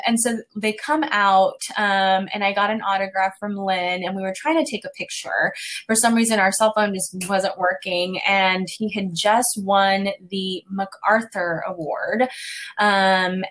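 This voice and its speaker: A woman's voice: medium pitch, fairly even intonation, takes it slowly, fairly bright tone. Chatty woman telling stories in interview. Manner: chatty storytelling, many "you know" fillers. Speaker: theater season programmer being interviewed. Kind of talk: casual interview.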